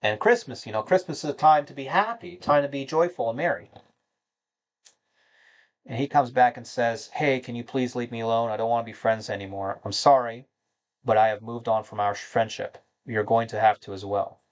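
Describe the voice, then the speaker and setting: A man hosting a gaming channel talks to viewers in a mid-range voice at a moderate pace. It's a loose, rambling monologue with a downcast, disappointed tone, peppered with fillers and restarted phrases.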